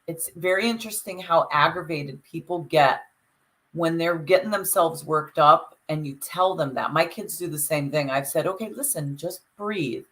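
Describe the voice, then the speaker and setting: A woman's voice: sits low, moderate pace, a bit bright, poor audio. A woman co-hosting a podcast, reflecting aloud and talking things through in a casual chat. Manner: reflective, talks it through with restarts. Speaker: podcast co-host.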